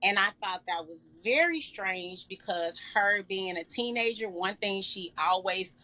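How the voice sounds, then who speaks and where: A middle-aged woman telling an emotional personal story in an interview, earnest and halting with many fillers. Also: medium pitch, sharp tone. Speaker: guest.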